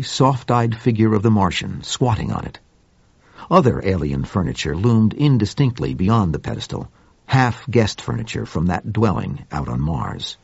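A man narrates a story in a lyrical, descriptive reading style. His low voice is gravelly and a little husky, with a lively, varied pitch. The recording is dry and slightly dull, like a close studio read. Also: no room sound. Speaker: audiobook narrator. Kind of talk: scripted narration.

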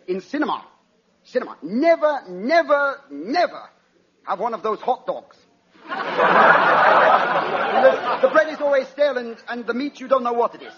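An actor playing a halting, deadpan art-film director in a comedy interview sketch. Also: male voice, high-pitched. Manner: halting, deadpan, long pauses. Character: parody of a solemn foreign art-film director, man, middle-aged. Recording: echoey, muffled, audience in hall.

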